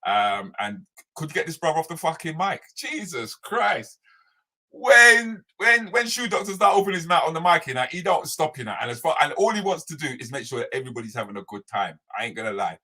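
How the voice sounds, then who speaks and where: A man's voice: mid-range voice, sing-song, fairly quick, sharp tone. A man co-hosting a podcast, talking bluntly in casual banter with street slang. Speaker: podcast co-host.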